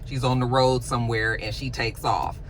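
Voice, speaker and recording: A woman's voice: extremely low pitch, normal speed, slight background noise. A woman giving a casual recap of a TV episode, talking in a loose, slangy and profane way. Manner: animated, slangy, profane retelling. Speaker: TV recap host.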